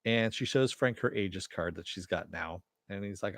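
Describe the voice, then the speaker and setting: A man's voice: low voice, normal speed, few pauses, a bit bright, no room sound. A man giving a casual, rambling recap of a TV episode, with lots of fillers and the odd chuckle. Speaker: TV episode reviewer.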